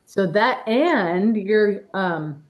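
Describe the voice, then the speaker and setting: A woman presenting an energy-healing workshop demonstration in an indoor event room, gently encouraging and guiding a participant. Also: medium pitch, animated, drawn-out words, dull audio.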